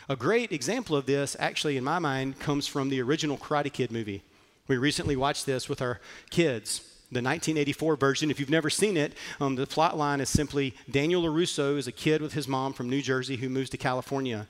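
A man's voice: mid-range voice, fairly quick, in a large hall. A man preaching a sermon, telling a story earnestly and with frequent fillers. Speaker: pastor.

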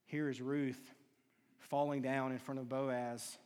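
A man preaching a sermon, telling stories and acting out quoted lines with hushed and raised turns. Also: mid-range voice, flat delivery, slow, smooth. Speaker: pastor. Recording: long hall reverb.

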